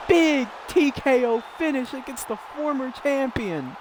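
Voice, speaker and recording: Slow-talking, giggly male game commentator. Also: extremely high pitch, background noise. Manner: excitable, giggly, rambling. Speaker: streamer commentating a fighting game. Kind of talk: casual play-by-play commentary.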